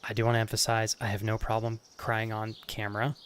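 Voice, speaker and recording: A man's voice: lowish voice, completely flat delivery. Guy on a stream, all choked up and near crying, stammers a lot, faint outdoor noise behind. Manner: halting, restarting, stammering with emotion. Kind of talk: emotional live-stream thank-you to chat.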